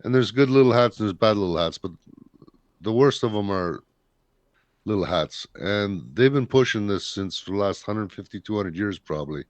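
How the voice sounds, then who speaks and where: Blunt low-voiced man, rambling. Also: expressive, moderate pace, dry recording. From Canada. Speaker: podcast host. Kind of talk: casual chat.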